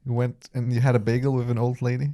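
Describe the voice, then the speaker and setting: A man's voice: medium pitch, level tone, fast, mellow, no room sound. A man co-hosting a casual podcast, teasing his friend and laughing often. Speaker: podcast co-host.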